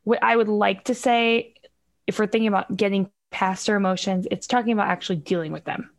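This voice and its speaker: This middle-aged woman talks things through as a podcast guest, reflective and earnest. She sits at a middle pitch for a woman and acts out everyday examples as she goes. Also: a little fast, vocal fry. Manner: reflective, explains with lively acted-out examples. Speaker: guest expert on parenting emotions. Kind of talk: casual podcast conversation.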